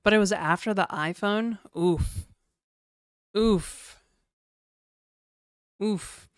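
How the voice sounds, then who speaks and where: A woman's voice: mid-range voice, drawn-out words, clear, resonant tone, no room sound, studio quality. A woman streaming live, chatting casually and rambling while reading out chat messages.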